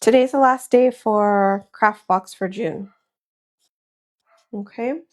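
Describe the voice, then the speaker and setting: A woman's voice: medium pitch, slow. A woman in her thirties chatting casually to her livestream viewers while she crafts in a small room at home, calling them y'all. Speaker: crafter and live seller.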